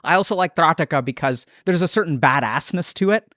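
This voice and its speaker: A man explaining in a podcast interview, fairly high voice, dry close sound. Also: lively intonation, a bit bright, no echo. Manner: explanatory, thoughtful, quick restarts. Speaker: psychiatrist.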